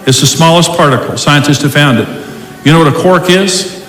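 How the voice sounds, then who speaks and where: A man's voice: fairly high pitch, brisk, fairly bright tone, slight background noise. Man preaching in an echoey hall. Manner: emphatic, preacherly, quotes scripture. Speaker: pastor. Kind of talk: sermon. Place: large church hall. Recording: echoey hall recording with faint ambience.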